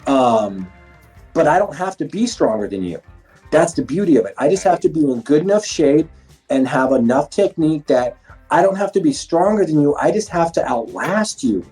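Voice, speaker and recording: A man's voice: on the high side, moderate pace, soft background music. A middle-aged man, a former fighter turned police instructor, telling stories in casual, profane interview chat. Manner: profane, animated storytelling with acted-out quotes.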